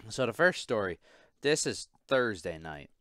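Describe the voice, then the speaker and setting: A man's voice: lowish voice, sing-song, measured pace, a bit bright, dry recording, studio quality. A man hosting a casual podcast, telling a work story in a profane, exasperated way. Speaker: podcast host. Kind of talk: casual chat.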